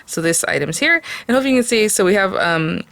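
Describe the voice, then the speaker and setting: A woman's voice: medium pitch, lively intonation, a little fast, gravelly, fairly bright tone, no echo. A woman hosting a craft video, chatting casually with many fillers as she shows supplies. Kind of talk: casual product review and tutorial.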